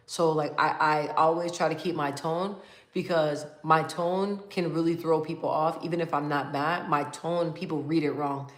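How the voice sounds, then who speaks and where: A woman hosting a casual livestream, reading viewer comments aloud and talking in a calm, even tone with lots of fillers and frequent laughs. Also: low-pitched, normal speed, roomy sound. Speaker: livestream host.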